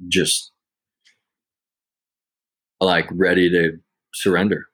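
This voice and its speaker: A man guest speaking haltingly with many "like" fillers. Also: deep voice, little pitch movement, a bit bright, breathy edge. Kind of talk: casual conversation.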